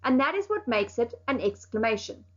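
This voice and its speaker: A high-pitched woman teaches a recorded lesson to young pupils. She explains carefully and leans on key words with firm emphasis. The sound is a little dull and lo-fi. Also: very animated, brisk, a bit bright.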